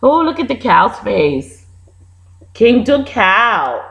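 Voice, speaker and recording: A woman teacher, with Haitian Creole as her first language, reads a children's storybook aloud at a slow, careful pace. Her high voice rises and falls a great deal as she stops to quiz the young listeners. She sounds animated the whole way through. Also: vocal fry, highs cut off. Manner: animated, asks the children questions.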